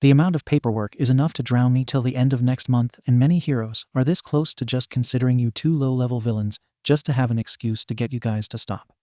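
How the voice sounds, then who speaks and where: A man's voice: medium pitch, fast talker, few pauses, dark tone, no room sound, clean studio sound, close to an everyday voice. A man voicing a weary adult male detective who talks in a stern, exasperated way.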